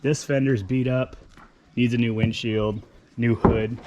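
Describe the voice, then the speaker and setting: The audio is dull with a little hiss or hum, and the young man's medium-pitched voice is mellow, unhurried, and fairly even in intonation. A California car vlogger, he casually walks around a wrecked car he'll rebuild, enthusiastic and upbeat, talking with his hands and using lots of "um" and "like."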